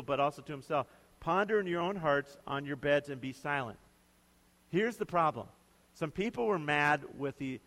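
A male pastor with a slightly high, fairly bright voice preaches a sermon, conversational yet emphatic. He often asks his listeners questions, and the recording has a long hall reverb.

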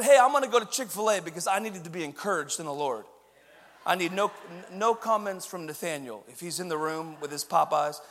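High-voiced man preaching in a hall. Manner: energetic, swings from quiet asides to shouted emphasis. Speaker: pastor. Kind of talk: sermon with storytelling.

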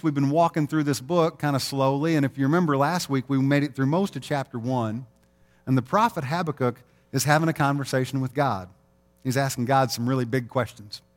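A middle-aged man preaches to his congregation in a relaxed, conversational way. His voice sits at a middle pitch, and he slips into brief quoted voices to act out everyday scenes. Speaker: pastor. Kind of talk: sermon.

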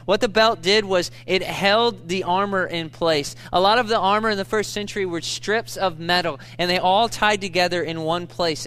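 Male pastor, sermon delivery, high and bright tone, earnest, repeats lines for emphasis. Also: smooth. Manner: earnest, repeats key phrases for emphasis, rises in intensity on main points.

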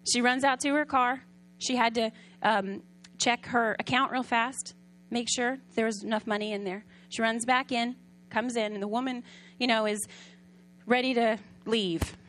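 A woman preaching a sermon in a conversational storytelling way, often asking the audience questions and sometimes dropping soft and quiet. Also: on the high side, fairly even intonation, moderate pace.

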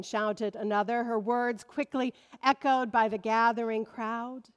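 A woman pastor delivering a sermon in a measured preaching manner that swells with emphasis. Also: a little high, fairly even intonation. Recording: long reverb of a large hall.

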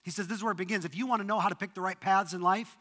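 A man preaching in a sermon, his voice high and bright. He retells the story with sweeping rises and sudden hushed drops, and long reverb trails after him as in a large hall. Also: steady tone, rapid-fire. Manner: dramatic retelling, voice rises and drops to near whisper. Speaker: pastor.

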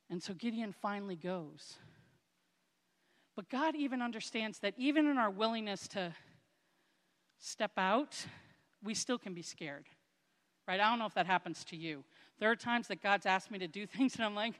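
A woman's voice: lively intonation, normal speed, long pauses, fairly bright tone, long reverb tail. A woman preaching a conversational, self-deprecating sermon, acting out quoted lines with playful asides. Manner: acts out quoted speech with raised pitch.

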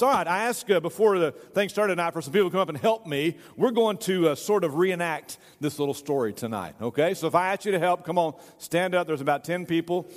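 A man's voice: on the high side, brisk, hardly any pauses. A man, a pastor giving a sermon in a church, reading scripture and then playfully directing volunteers in a skit. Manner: playful, jokey, hurries volunteers along. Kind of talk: sermon with a staged reenactment. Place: church sanctuary. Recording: reverberant church hall.

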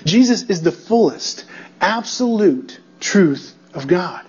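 A man's voice: sits high, lively intonation, slow pace, darkish tone, breathy edge, highs cut off, soft background music. A male pastor preaching an expository sermon, emphatic and building through repetition, checking in with the congregation.

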